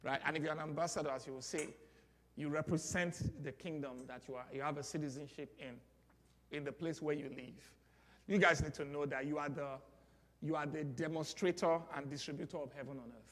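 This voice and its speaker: Nigerian preacher in a reverberant hall. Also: male voice, a little high, fairly even intonation, brisk. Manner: call-and-response preaching, rising to loud exclamations. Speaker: pastor. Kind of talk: sermon.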